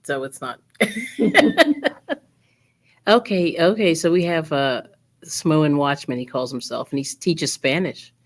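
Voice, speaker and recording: Low-voiced lady hosting a craft livestream, chatty, laughs a lot. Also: slow pace. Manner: chatty, animated when telling stories, laughs often. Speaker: livestream host. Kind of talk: casual group chat while crafting.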